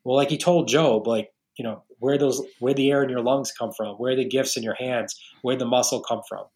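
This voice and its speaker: A man's voice: medium pitch, steady tone, normal speed, darkish tone. Male guest, forties, from New York, earnest storyteller, casual. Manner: earnest storytelling, many restarts. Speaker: podcast guest, realtor. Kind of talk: casual interview talk.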